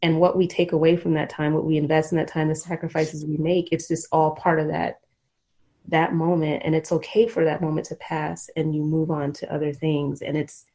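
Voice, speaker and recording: In an emotional conversational interview, a middle-aged podcast host reflects earnestly and rambles a little. She has a deep, warm voice with a level tone and a moderate pace.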